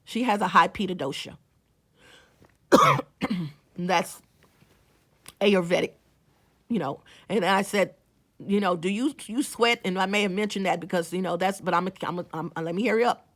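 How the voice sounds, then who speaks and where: A woman's voice: fairly low pitch, a little slow, long pauses, fairly bright tone. A woman, a small-business owner, telling a story to her viewers in a casual vlog. She is chatty, restarts her sentences and talks straight to the audience.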